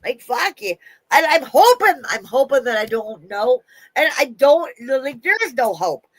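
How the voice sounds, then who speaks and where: A woman's voice: high voice, very animated, no room sound, poor audio. A woman ranting angrily in casual talk, swearing heavily and breaking off and restarting her sentences. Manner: fast restarts and trailing-off sentences. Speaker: vlogger. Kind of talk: angry casual rant.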